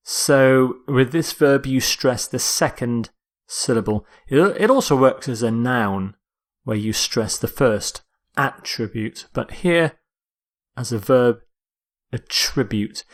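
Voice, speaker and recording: A man delivers a recorded vocabulary lecture at a slow, measured pace. He explains each word carefully, sometimes stopping to correct himself. His voice sits in a middle pitch. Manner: slow, deliberate, with self-corrections. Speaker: English teacher.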